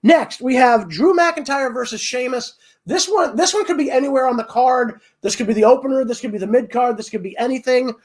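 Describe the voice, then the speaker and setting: A man with a very high voice talks through his opinions in a loose, unscripted monologue. He stammers and restarts often, doubling back mid-sentence as he thinks aloud. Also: fairly quick, few pauses. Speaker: podcast host. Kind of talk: casual wrestling commentary monologue.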